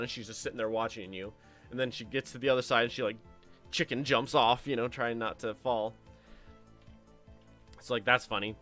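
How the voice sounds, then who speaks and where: A man streaming a game, telling family stories in a casual, lively way and acting out the voices of the people in them. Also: mid-range voice, normal speed, pauses often, soft background music. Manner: animated anecdote telling with acted-out quotes. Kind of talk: casual storytelling while playing a game.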